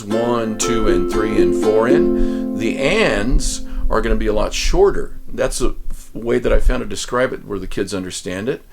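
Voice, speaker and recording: A man's voice: mid-range voice, creaky. A man teaching ukulele to other teachers, telling folksy classroom stories, acting out the children's replies and counting strum rhythms aloud.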